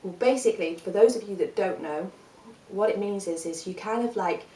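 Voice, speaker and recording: Woman, singing teacher, calm and encouraging, explains step by step, distant mic, echoey room. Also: mid-range voice, fairly quick. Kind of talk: vocal workshop instruction.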